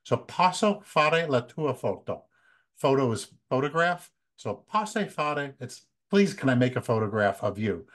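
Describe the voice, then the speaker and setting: An American man in his fifties, a photography workshop leader, giving relaxed, conversational travel tips with many fillers. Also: mid-range voice, unhurried. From United States. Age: 50s. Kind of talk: casual talk, practical travel tips.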